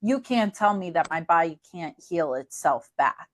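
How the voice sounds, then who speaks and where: A woman hosting a podcast, talking in a heartfelt, animated way in casual chat. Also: on the low side, moderate pace. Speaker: podcast host.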